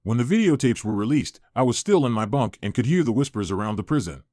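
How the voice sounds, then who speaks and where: A man narrating a first-person story in a scripted, even reading voice. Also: mid-range voice, quick pace, dry recording, clean studio sound.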